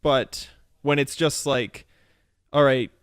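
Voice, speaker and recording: A man's voice: mid-range voice, steady tone, slow, clean tone, no room sound, clean studio sound. A man hosting a casual podcast, talking in a loose, rambling way and laughing often. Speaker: podcast host.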